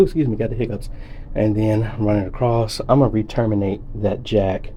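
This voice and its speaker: This casual on-the-job vlog features an AV installer working indoors at a church under renovation, recorded on a phone camera. He calls his viewers folks and narrates each step in a lowish, dark, steady voice at normal speed, with slight hiss or hum.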